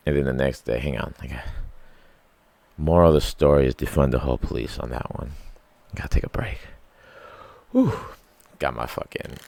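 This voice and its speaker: A man with a very deep, gravelly voice tells a rambling story into a microphone, thick with swearing and quoted reactions. The sound is dry and close, with no room echo. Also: a little mellow. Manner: rambling, profane, full of likes and quoted reactions. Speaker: podcast host. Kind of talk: casual storytelling rant. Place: small room alone with a microphone. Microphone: studio microphone.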